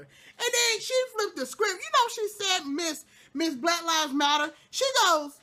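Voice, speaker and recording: A woman casually recapping a TV episode, telling the story with lively acted-out quotes and laughs. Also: very high-pitched, unhurried. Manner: breaks into laughter and exclamations. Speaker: TV show recap vlogger.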